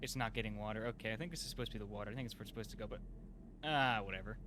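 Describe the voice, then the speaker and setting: A man giving casual gameplay commentary, excitable and self-mocking, with lots of fillers and sudden yelps. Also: on the low side, very fast, a little hiss or hum. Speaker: gameplay youtuber. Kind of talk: casual let's play commentary.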